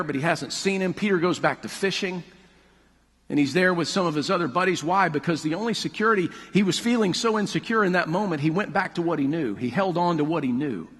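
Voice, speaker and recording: Brief: male pastor, husky voice, mid-high pitch, long hall reverb. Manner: animated storytelling, hushed at the close. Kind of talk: sermon.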